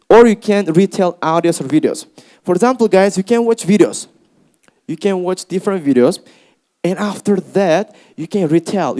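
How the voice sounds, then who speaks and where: A young man with an Uzbek accent teaching a speaking workshop to a class, lively and encouraging, often calling them guys. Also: high voice. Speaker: English teacher. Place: classroom with students.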